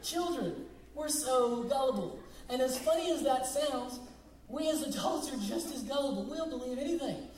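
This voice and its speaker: A man's voice: very high-pitched, expressive, normal speed, darkish tone, reverberant, far from the mic, poor audio. A young man preaching a sermon as pastor, switching between conversational storytelling and emphatic points.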